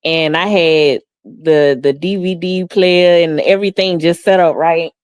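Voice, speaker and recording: A middle-aged woman hosts a livestream at a measured pace, her tone clean in a dry, studio-quality recording. She chats casually, reading comments and telling family stories, animated and laughing often, acting out quotes in a high voice.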